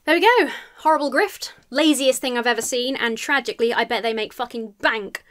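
A woman's voice: fairly high pitch, fairly quick, a bit bright. A woman giving a scripted film review, sarcastic and exasperated, swearing freely.

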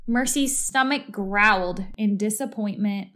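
A woman reading a children's storybook aloud in a slow, expressive, deliberate way. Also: fairly high pitch. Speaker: story reader.

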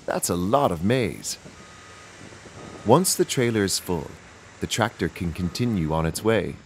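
A man's voice: low-pitched, lively intonation, unhurried, darkish tone, a little hiss or hum. A man narrating a children's video, pointing things out to young viewers in a sing-song way.

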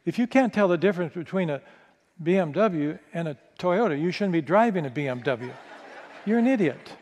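A male pastor telling a candid, self-mocking story in a sermon, stumbling over quick restarts. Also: fairly high pitch, animated, a little mellow. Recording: long reverb of a large hall.

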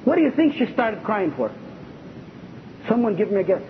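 A man's voice: very animated, moderate pace. A man preaching a sermon with passion and putting rhetorical questions to his audience. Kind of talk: sermon lecture. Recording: dull lo-fi lecture recording with faint rumble.

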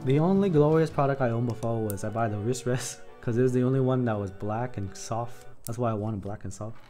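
A man's voice: medium pitch, fairly quick, dark tone. Casual male streamer, rambling and profane, laughing often, music playing underneath. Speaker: keyboard-building streamer. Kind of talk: casual stream chat while building.

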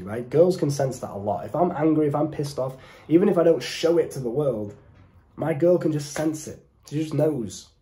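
A young man with a British accent giving direct-to-camera dating advice in an emphatic, deliberate, preachy way. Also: mid-range voice, warm tone. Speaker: dating coach.

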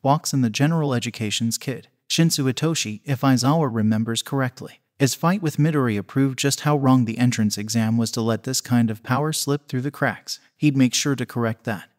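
A man narrating a fan fiction story in a steady, even reading voice. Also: mid-range voice, brisk, few pauses. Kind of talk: scripted narration.

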